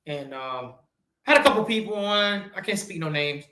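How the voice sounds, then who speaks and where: A man in his forties, a podcast host, giving a blunt, profane motivational talk that swings from loud urging to low, quiet asides. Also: a little fast, reverberant. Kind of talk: motivational monologue.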